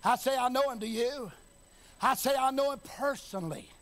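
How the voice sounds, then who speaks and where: In a sermon, a man with an extremely high-pitched voice rises to chanted, shouted emphasis and then sinks into a quiet, homespun tone. He talks at normal speed, repeats his phrases, and asks the congregation if they can hear him.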